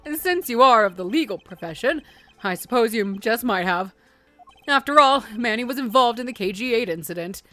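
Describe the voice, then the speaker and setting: A woman's voice: a little high, lively intonation, normal speed, bright, forceful tone, soft background music. A woman voicing a formal, stately male ambassador from a game who speaks in a dignified way. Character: formal middle-aged male ambassador, proud of his small nation.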